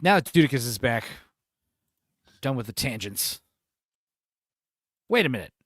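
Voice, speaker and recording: A man's voice: mid-range voice, big pitch swings, a little slow, fairly bright tone, no room sound, studio quality. A man hosting a casual podcast, who rambles, teases his co-hosts and laughs often. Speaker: host.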